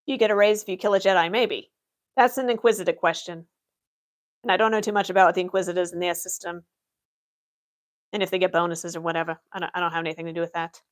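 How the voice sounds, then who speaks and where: A woman's voice: on the low side, steady tone, quick pace, pauses often. A young adult woman streaming in character as an office worker, answering chat questions with dry, matter-of-fact humor. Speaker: livestreamer playing an Imperial office worker. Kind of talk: in-character livestream Q&A.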